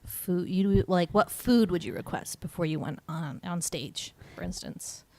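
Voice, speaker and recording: A woman's voice: on the low side, unhurried, dark tone, no room sound. A woman co-hosting a podcast, chatting casually and playfully retelling scenes from a film. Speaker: podcast co-host. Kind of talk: casual chat about a film.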